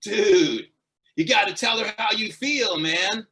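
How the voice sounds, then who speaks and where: A man voicing a pushy surfer-type inner voice that shouts encouragement. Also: sits high, takes it slowly, recorded from a distance, exaggerated voice. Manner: pushy, shouting "dude" and "bro". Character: laid-back teenage surfer voice in his head.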